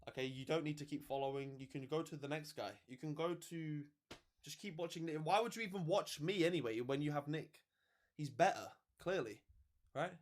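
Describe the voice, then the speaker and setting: A man's voice: fairly high pitch, a little fast. A man hosting a casual livestream, talking to viewers in a sarcastic, swearing, offhand way. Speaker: livestream host.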